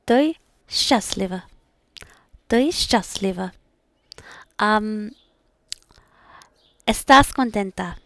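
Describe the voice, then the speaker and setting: A woman's voice: medium pitch, extremely slow, vocal fry, long pauses, no echo. A woman practicing pronunciation, repeating each word several times and then explaining the sounds in a modest, encouraging way. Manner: self-effacing and encouraging. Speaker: language learner practicing aloud.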